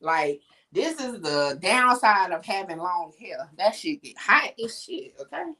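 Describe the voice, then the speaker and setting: A middle-aged woman hosting a podcast from home, talking in a blunt, slangy, animated way. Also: medium pitch, unhurried. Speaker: podcast host. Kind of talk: casual chat to camera.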